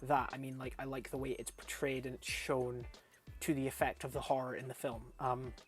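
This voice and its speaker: A young man rambles through a film review at an ordinary middle pitch. He swears freely and gets animated and laughs when something tickles him. Faint music plays quietly behind him. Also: fairly quick. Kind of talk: casual film review vlog.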